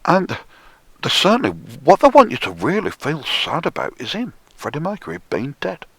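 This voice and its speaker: A man delivering a profane, sneering monologue, often dropping into hushed whispers for emphasis. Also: a little high, huge pitch swings, moderate pace, slightly rough, no echo. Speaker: conspiracy commentator. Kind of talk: ranting monologue.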